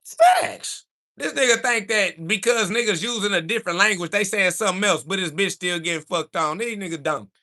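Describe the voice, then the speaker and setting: A man speaking hosts a livestream and answers chat in a combative, preachy monologue, insulting his critics over and over and now and then rising to a shout. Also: high voice, fairly quick, hardly any pauses. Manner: rises to shouting when heated.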